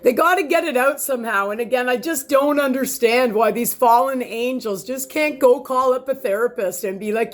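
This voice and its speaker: A woman's voice: high-pitched, moderate pace, few pauses, slight background noise. A woman vlogging from home in a casual, heated rant, rambling and swearing with lots of restarts, filmed by a camera set far back in the room. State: sore back.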